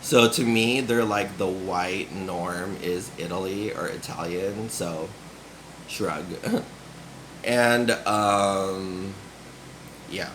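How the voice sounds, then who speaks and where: Slow rambling young man, bright voice. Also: sits low, slight background noise. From grew up in Nevada. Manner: rambling, filler-heavy, giggly, laughs often. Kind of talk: casual rambling monologue.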